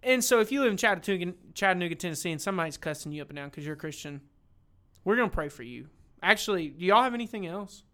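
A young man, co-hosting a church podcast in a casual, animated Bible discussion, acting out quotes as he goes. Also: sits high, fast talker. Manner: animated, acts out quotes, says "dude".

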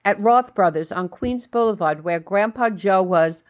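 A woman's voice: mid-range voice, moderate pace, highs cut off, natural voice. Woman reading as an exasperated, insistent sister. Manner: insistent, scolding. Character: exasperated adult sister delivering bad news.

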